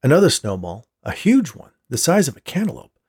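A man reading a story aloud with a steady storytelling delivery. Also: fairly high pitch, a little fast, slight background noise. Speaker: story reader. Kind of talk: audiobook narration.

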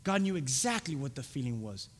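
A man preaching a sermon as pastor, swinging from loud, shouted lines to hushed whispers. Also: mid-range voice, very animated, a little fast. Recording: long hall reverb.

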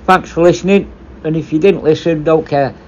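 A man's voice: on the high side, steady tone, a little fast, darkish tone, a little hiss or hum. Blunt, sweary man on a dull lo-fi recording. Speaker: former prison officer. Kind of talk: casual monologue to camera.

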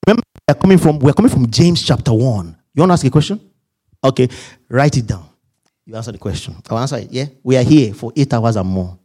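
A male pastor delivering a humorous, animated sermon to his congregation. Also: mid-range voice, quick pace.

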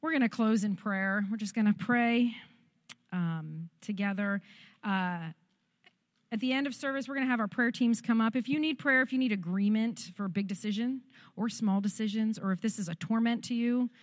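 Woman pastor preaching warmly and directly. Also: fairly high pitch, normal speed, dry recording, clean studio sound. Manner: conversational, encouraging, direct to the congregation. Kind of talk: sermon.

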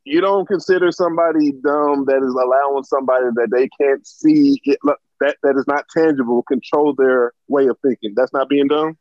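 A man's voice: medium pitch, fairly even intonation, normal speed, hardly any pauses, darkish tone, no echo. A man arguing in a heated casual debate, emphatic and stumbling over repeated openings. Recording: dry, dull lo-fi sound.

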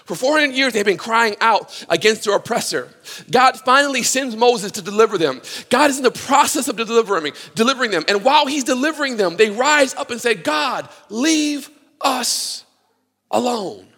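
A man preaching a sermon with passion, swinging from loud cries to hushed pleading. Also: very high-pitched, animated, brisk, long reverb tail. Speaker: pastor.

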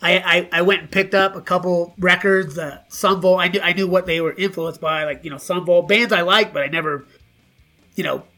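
Brief: middle-aged man, high bright voice, swears freely, animated raconteur acting out quotes. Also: a little fast, faint music behind. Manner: profane, animated, acts out quoted dialogue. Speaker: guest musician. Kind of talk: casual storytelling interview.

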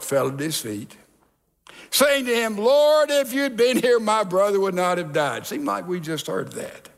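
A man's voice: sits high, fairly bright tone. A man preaching a radio sermon, reading scripture aloud and explaining it in an earnest, emphatic way that lingers on key words. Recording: long hall reverb with faint music.

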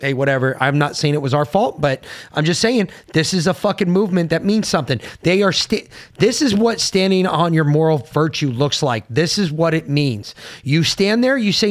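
A man's voice: on the high side, expressive, moderate pace. A man from the United States co-hosting a podcast, telling a story in a brash, profane, casual way and mimicking others' voices. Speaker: podcast co-host.

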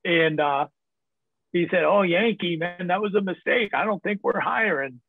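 This podcast guest, a man from the northern US, has a high voice and a moderate pace. He rambles through casual stories, frequently laughing and swearing, and the recording is dry and tinny, like a phone call.

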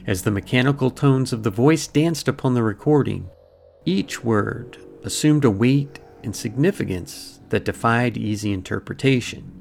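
A man hosting a podcast, delivering ornate, solemn, scripted dramatic narration in a measured way. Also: mid-range voice, gravelly, darkish tone, a little hiss or hum.

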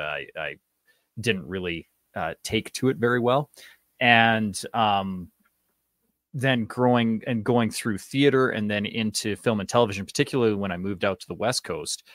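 A man's voice: fairly low pitch, fairly bright tone, no room sound, studio quality. A Canadian man, an actor, chatting casually in an interview with a rambling manner and many fillers. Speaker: actor guest.

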